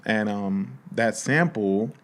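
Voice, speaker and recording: A man's voice: fairly low pitch, slow pace, a bit bright. A man co-hosting a podcast in casual chat, laid-back, adding short agreeing replies. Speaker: podcast co-host.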